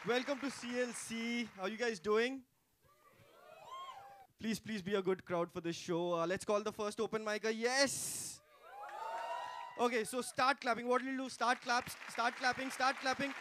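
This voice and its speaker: A man hosting a stand-up open mic, loudly urging the audience to clap. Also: sits high, moderate pace, long pauses. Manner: loud crowd-hyping, urging applause. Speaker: show host, emcee. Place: comedy club stage. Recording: noisy club with loud crowd.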